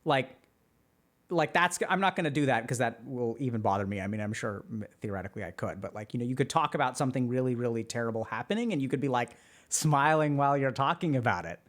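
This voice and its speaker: A man's voice: mid-range voice, quick pace. A man explaining ideas on a livestream in a casual, conversational way, with many fillers. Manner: animated, conversational, frequent fillers. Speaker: streamer and psychiatry educator.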